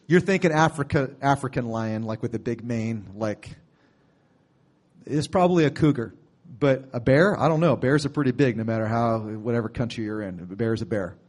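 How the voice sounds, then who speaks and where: A man preaching a sermon, retelling a story in a conversational way with sudden loud bursts. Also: medium pitch, moderate pace.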